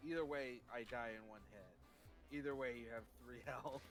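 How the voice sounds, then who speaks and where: A man playing a card game on a stream, talking quietly and briefly about his own moves. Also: normal speed. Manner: low-key, short remarks about his moves. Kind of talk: casual game-night banter. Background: faint music.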